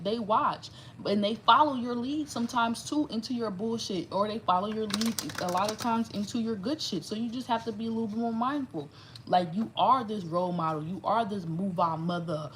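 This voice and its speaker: Female tarot reader, mid pitch, loose and profane delivery, faint noise behind. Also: poor audio. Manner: animated, profane, rambling. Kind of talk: casual tarot reading monologue.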